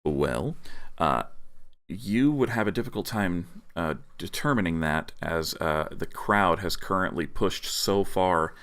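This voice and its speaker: You're the dungeon master, a man with a very low voice, describing the scene calmly. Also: smooth. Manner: measured, filler-heavy narration. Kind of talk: narrating a tabletop game.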